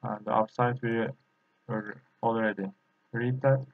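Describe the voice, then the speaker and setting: A man with a Turkish accent, a native Turkish speaker, teaching a lesson in a halting way, pausing often and repeating practice syllables. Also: mid-range voice, level tone, creaky. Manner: halting, with frequent filler pauses and repeated drill syllables. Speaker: language teacher. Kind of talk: explaining a lesson. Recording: tinny, phone-like lo-fi sound.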